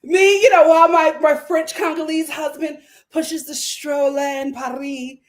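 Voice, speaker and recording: A woman hosting a casual livestream, reading viewer comments aloud, laughing often and bursting into loud outbursts. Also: sits high, fairly even intonation, measured pace. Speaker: livestream host reading super chats.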